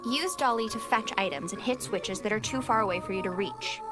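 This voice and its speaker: Actress as a scatterbrained young homeowner, bubbly and rambling, game score under the lines. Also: female voice, medium pitch, fairly quick, fairly bright tone, lightly acted. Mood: explaining. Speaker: video game character. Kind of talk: studio game voice acting. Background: game music.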